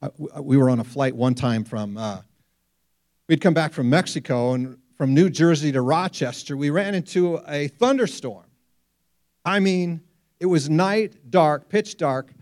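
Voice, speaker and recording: A man preaching a sermon, telling stories with lively rhetorical questions. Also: a little high, a little slow. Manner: animated storytelling, rhetorical questions. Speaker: pastor.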